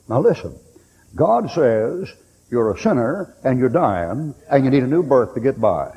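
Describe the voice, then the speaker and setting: A man's voice: mid-range voice, sing-song, moderate pace, dark tone, slightly rough. Folksy preacher man in a reverberant hall. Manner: folksy storytelling preacher, acting out quoted voices. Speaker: pastor. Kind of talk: sermon.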